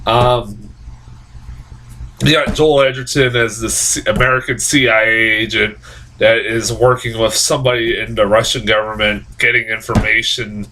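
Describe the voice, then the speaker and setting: A man's voice: lowish voice, flat delivery, moderate pace, sharp tone, slight background noise, poor audio. Rambling, swearing male film reviewer. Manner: rambling, heavy fillers and restarts, frequent swearing. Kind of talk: casual spoken movie review.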